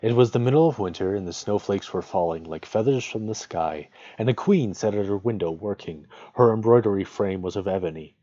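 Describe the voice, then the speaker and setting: A man reads a fairy tale aloud at a measured, unhurried pace. His voice is low, dark and husky. It is heard through a dry, dull, lo-fi recording. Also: no echo. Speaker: host reading aloud. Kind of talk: storybook fairy tale reading.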